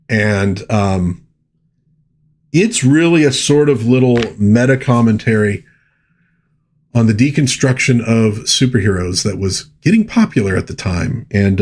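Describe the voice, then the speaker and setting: A man's voice: medium pitch, darkish tone. A middle-aged man hosting a casual live stream, chatting with enthusiasm and rambling through lots of fillers. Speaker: host.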